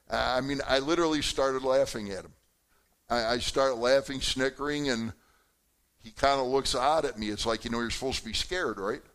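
A man's voice: mid-range voice, a bit bright. A man preaching an evening church sermon, talking to his congregation by name and laughing at his own story. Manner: conversational, talks to congregation members by name. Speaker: pastor. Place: church service.

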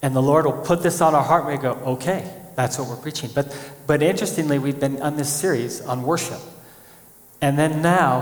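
A man preaching a sermon as pastor, animated, acting out quoted voices as he speaks. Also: fairly high pitch. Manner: animated, acts out quotes of God and people. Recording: echoey church hall.

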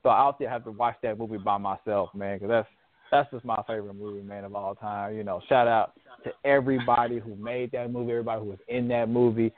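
A man's voice: on the low side, steady tone, quick pace. A man in casual chat about a favorite movie, laughing often and quoting lines in raised voices. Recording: phone-like narrow sound.

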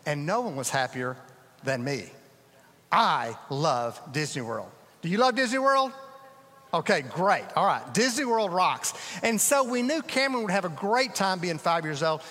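High-voiced pastor in a reverberant hall. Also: male voice, very animated, moderate pace. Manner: storytelling with dramatic rises and hushed drops. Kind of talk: sermon. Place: large church sanctuary.

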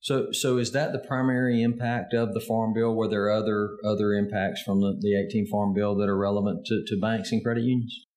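Halting, low-voiced podcast host. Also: male voice, flat delivery, a little mellow. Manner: halting, frequent restarts and fillers. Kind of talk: casual podcast interview.

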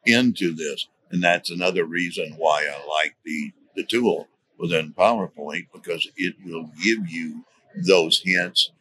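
A man speaking as a guest in a podcast interview, explaining his points deliberately and repeating key words for emphasis. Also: low-pitched, sharp tone. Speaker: guest, safety trainer.

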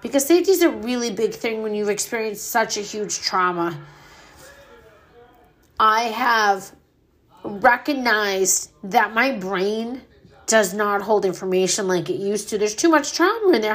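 A woman's voice: mid-range voice, animated, unhurried, fairly bright tone. A middle-aged woman hosting her own podcast, speaking candidly and earnestly about grief, swearing freely. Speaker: podcast host. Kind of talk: personal grief podcast monologue.

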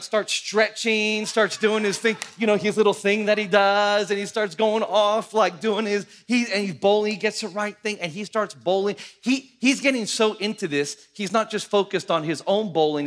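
Lively high-voiced male pastor. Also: normal speed, few pauses. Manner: animated, acts out voices in anecdotes. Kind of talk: sermon with storytelling.

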